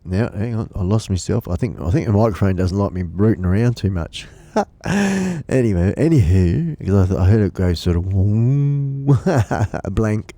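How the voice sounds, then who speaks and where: A man's voice: on the low side, lively intonation, normal speed, mellow, no echo. Rambling man with a head cold. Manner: rambling, joking, laughs often, many restarts. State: blocked up with a cold. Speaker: live stream host. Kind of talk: casual live-stream chat. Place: home studio.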